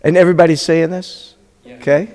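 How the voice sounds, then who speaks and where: A man's voice: fairly high pitch, fairly even intonation, a little fast, a little mellow. Chatty male teacher in a reverberant room. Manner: patient, chatty, asks the class questions. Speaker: rabbi teaching a Hebrew class. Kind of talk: classroom teaching with questions to students. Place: classroom. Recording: long hall reverb.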